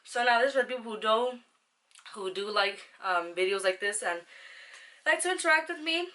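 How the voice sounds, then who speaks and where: A woman's voice: a little high, lively intonation, moderate pace, pushed and bright. A young woman vlogger chatting casually through a storytime, rambling and slangy, with some swearing.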